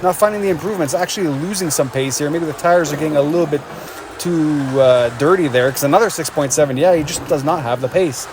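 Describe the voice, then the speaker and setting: A man giving energetic play-by-play commentary on a race as the show's host, calling lap times and cheering the drivers on. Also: fairly high pitch, quick pace, background noise.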